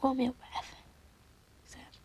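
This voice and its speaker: An actress playing a young woman quietly confiding a painful secret in a TV drama. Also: unhurried, in a whisper, close to an everyday voice. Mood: hushed. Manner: soft, hushed, confessional.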